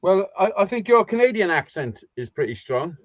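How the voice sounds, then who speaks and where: High-voiced Welsh man, blunt and teasing. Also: very animated, normal speed, no echo. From Wales. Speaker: host. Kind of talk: casual live-stream banter. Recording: dull lo-fi sound.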